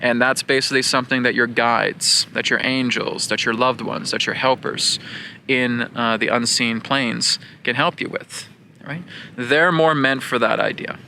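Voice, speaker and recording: A man's voice: medium pitch, fairly even intonation, a little slow, vocal fry, sharp tone, a little hiss or hum. A man giving an earnest spiritual lesson, repeating his points and often checking in with his listeners. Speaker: spiritual teacher. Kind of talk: spiritual teaching talk.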